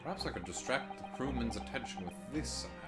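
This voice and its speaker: A man's voice: quick pace, lightly acted. Guy doing a dry exasperated young lawyer, game music under him. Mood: sardonic. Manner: dry, sardonic, low and flat. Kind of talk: voice acting a game's dialogue. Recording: music playing behind.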